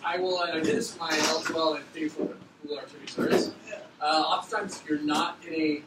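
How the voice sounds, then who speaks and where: Joking around with his students, a middle school teacher fires off instructions quickly and loosely in a voice a bit high for a man. The mic picks him up from a distance, and the room echoes over constant background noise.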